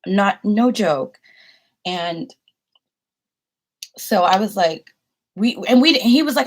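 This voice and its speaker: A woman's voice: mid-range voice, a little slow, long pauses. A young adult woman vlogger telling a personal story to her viewers in a casual, rambling way, full of "like" and asides.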